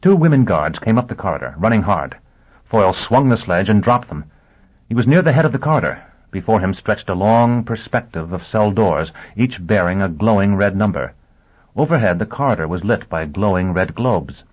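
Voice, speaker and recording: A man reading a novel aloud as narrator, in a steady, measured way. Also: on the low side, breathy edge. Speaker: audiobook narrator. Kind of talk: scripted narration. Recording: tinny lo-fi phone-like audio.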